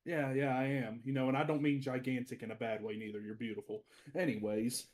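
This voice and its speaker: A man's voice: medium pitch, level tone, fairly quick, darkish tone. A man playing a tabletop game over a video call, talking in character in a rambling, hesitant way. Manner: rambling, hesitant, with many fillers. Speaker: player.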